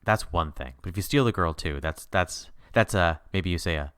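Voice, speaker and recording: A man co-hosting a podcast, chatting about a TV miniseries in an animated way, laughing often with sudden upward jumps in pitch. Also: normal speed, clean tone, no echo, studio quality. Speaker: podcast co-host. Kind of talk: casual chat recapping a TV miniseries.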